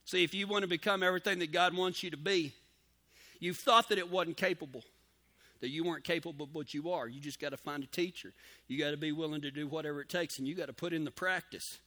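A man's voice: on the high side, steady tone, fast, sharp tone. A man preaching a sermon in a folksy, emphatic way, with cowboy slang and key phrases repeated for emphasis.

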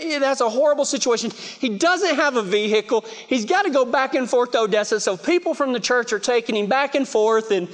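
Speaking to a live audience, a man with a West Texas accent delivers a storytelling sermon in a chatty, self-mocking way, dropping in lots of "you know" asides. His voice is very high with a fairly bright tone. A big hall lends the recording a long reverb.

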